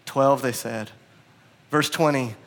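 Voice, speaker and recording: A man preaching a sermon as pastor, animated and acting out quoted lines with a raised voice. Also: medium pitch, slow pace. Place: bar used as church venue.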